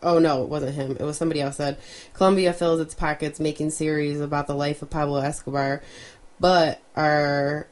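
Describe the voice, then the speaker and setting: Low-voiced woman co-hosting a chatty podcast. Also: normal speed. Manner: relaxed, reads news with fillers and asides. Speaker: podcast co-host. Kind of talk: casual chat, reading news items.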